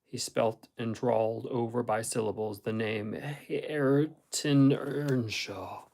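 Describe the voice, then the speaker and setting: A man reading a classic novel aloud in a steady, measured storytelling voice. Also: lowish voice, gravelly, poor audio. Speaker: audiobook reader.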